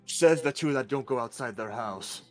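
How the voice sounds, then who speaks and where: A man's voice: medium pitch, normal speed, faint music behind. A man playing a tabletop game, teasing and defensive in character. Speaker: player. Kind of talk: casual tabletop role-play.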